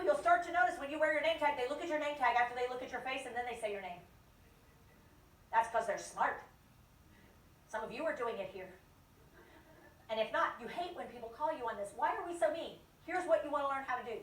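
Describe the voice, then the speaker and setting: A woman leading a lively dementia care training for a live audience, acting out inner voices and joking with the crowd. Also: sits high, quick pace, recorded from a distance. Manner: animated, acts out inner voices and jokes with the audience. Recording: echoey room, voice from off the mic.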